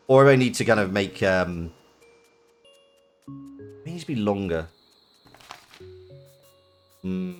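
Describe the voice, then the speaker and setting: Guy rambling thru a game stream, pitch jumps around a lot, faint music behind. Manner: rambling, thinking aloud with fillers. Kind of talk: casual let's-play commentary.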